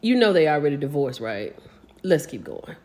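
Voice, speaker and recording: A woman's voice: sits low, normal speed. A woman, chatting casually as she recaps a reality show, gossiping and acting out what people said. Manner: animated, gossipy, acts out quotes.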